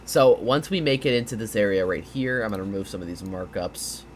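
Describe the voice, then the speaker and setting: Though tired and yawning, this lowish-voiced man speaks briskly with lively intonation. He casually explains gaming strategy over a map in a rambling gameplay breakdown full of fillers and restarts, with a little hiss or hum audible.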